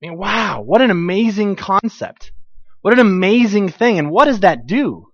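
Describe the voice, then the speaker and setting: A middle-aged man preaching a sermon with a fairly high voice, animated and storytelling, acting out the people he quotes. The sound is dry and a little dull, with no room echo. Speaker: pastor.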